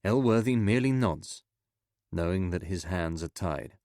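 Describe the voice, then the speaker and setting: An audiobook narrator reads a spy novel aloud from a script, his low voice measured and steady. The recording is close and dry, with no room sound at all. He voices the characters with only slight shifts from his own voice.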